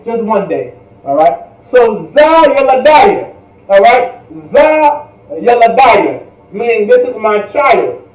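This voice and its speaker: A man teaching an online language class in a patient, repetitive way, drilling words slowly and checking "all right?" often. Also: high-pitched, a little mellow, reverberant, far from the mic, low-quality recording.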